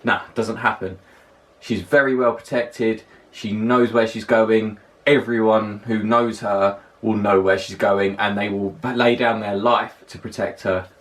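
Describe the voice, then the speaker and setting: A man's voice: on the low side, fairly even intonation, a little slow. A young man from London with a well-spoken London accent, chatting to camera in a casual countdown list, emphatic and repeating words for stress. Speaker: vlogger. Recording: voice a little distant from the mic.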